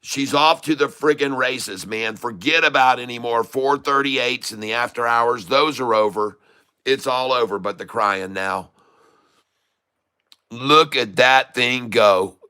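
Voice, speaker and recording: Bright-voiced excitable man hyping a stock chart. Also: medium pitch, normal speed, clean tone. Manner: excitable, hyped, folksy slang. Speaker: day-trading streamer. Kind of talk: live stock chart commentary.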